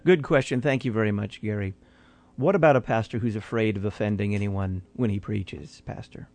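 A man hosting a call-in radio show, reading out addresses and introducing callers in a brisk, announcer-like way. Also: fairly low pitch, a little mellow. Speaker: radio host.

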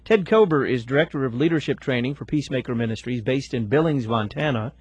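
Husky-voiced male radio talk show host. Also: medium pitch, animated, fast talker, no echo, dull audio. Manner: smooth, practiced announcer delivery.

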